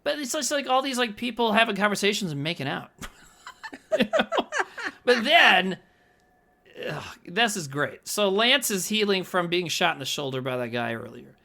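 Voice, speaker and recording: Gravelly male podcast co-host, animated, bright tone, acts out movie scenes. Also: high voice. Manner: animated, laughs often, acts out scenes in quick voices. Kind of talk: casual movie-review chat.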